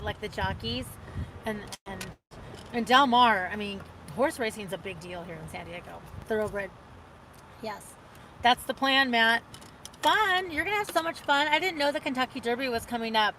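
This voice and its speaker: A woman's voice: a little high, bright, forceful tone, slight background noise, low-quality recording. A woman hosting a casual livestream, chatting in a rambling way and reading out viewer comments. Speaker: livestream host.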